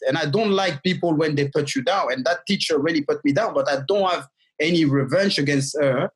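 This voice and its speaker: A man with a French accent, a podcast guest who speaks French as his first language, telling his story in lively, loosely phrased English. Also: a little high, low-quality recording. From France. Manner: animated, non-native English with loose grammar. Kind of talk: storytelling interview.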